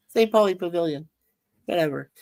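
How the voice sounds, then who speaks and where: A woman's voice: on the low side, darkish tone. A woman hosting a casual livestream chat, rambling and reading viewer comments aloud. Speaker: livestream host.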